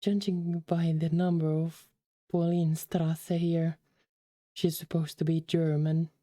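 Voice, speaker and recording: A woman's voice: low voice, flat delivery, slow pace, mellow, no echo, studio quality. A woman streamer chatting casually with her viewers while reading a game, affectionately calling them darlings.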